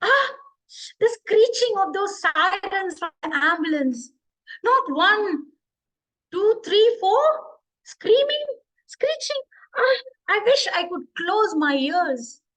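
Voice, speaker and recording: A woman storyteller gives voice to an anguished city left behind by its people, wailing in high, lifted cries. She speaks slowly and drags out each lament. It is a live, dramatic storytelling voice. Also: sing-song, a bit bright, heavily acted, rough recording. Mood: distressed. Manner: lamenting, dramatic rising outcries. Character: personified city, anguished and abandoned.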